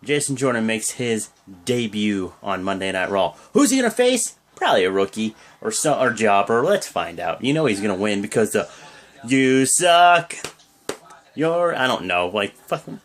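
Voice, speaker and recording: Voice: mid-range voice, very animated, normal speed. Rambling young wrestling-recap vlogger. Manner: rambling, full of fillers and restarts. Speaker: wrestling show reviewer. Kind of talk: casual play-by-play recap.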